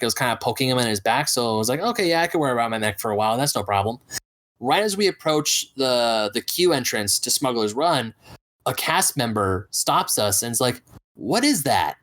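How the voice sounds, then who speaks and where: A man's voice: medium pitch, fairly bright tone. A man co-hosting a podcast, telling a story in casual chat and acting out the voices of people he quotes. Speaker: podcast co-host.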